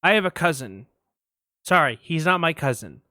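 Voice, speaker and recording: A man co-hosting a casual movie podcast, telling stories in an animated way, swearing often and acting out quotes. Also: a little high, moderate pace, no room sound, clean studio sound. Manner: animated storyteller, swears a lot, acts out quotes. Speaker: podcast co-host.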